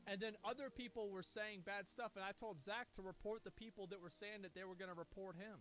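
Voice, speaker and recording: A man streaming, telling a profane, animated story and acting out the quoted dialogue. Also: high-pitched, brisk. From United States. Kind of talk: casual storytelling to stream chat.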